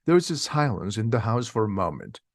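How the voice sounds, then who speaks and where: A man slowly reading a simplified storybook aloud for language learners. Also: on the low side, big pitch swings, dry recording, clean studio sound. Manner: slow, simple, clearly paced. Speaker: reader. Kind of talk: slow graded-reader story narration for learners.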